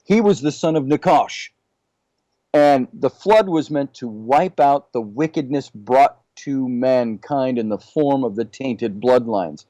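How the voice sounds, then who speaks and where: A man, a podcast guest, musing out loud and raising question after question in a casual discussion. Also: medium pitch, slow pace, dry recording, low-quality recording. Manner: musing, poses many questions.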